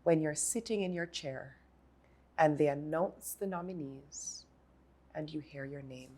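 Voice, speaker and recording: A woman's voice: sits low, measured pace, dark tone, slight background noise. A woman hosting an interview, effusive and admiring of her guest. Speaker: host.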